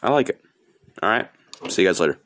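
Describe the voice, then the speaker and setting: A man's voice: low-pitched, animated, quick pace, very noisy. A teenage boy from upstate New York hosting a solo podcast, delivering an angry, profane, rambling rant. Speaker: podcast host.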